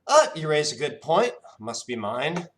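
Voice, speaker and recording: A man's voice: on the high side, sing-song, unhurried, pitched above the performer's own voice. A man doing a puffed-up, scatterbrained genie-like man. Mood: breezy. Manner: boastful, scatterbrained, rambling guesses. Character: flamboyant forgetful blue-skinned genasi man.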